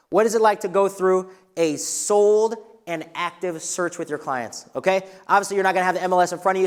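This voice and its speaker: A man teaching a live real estate workshop in an energetic, coaching way, asking the room questions. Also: high-pitched. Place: training room with a live audience. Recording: long reverb of a hall.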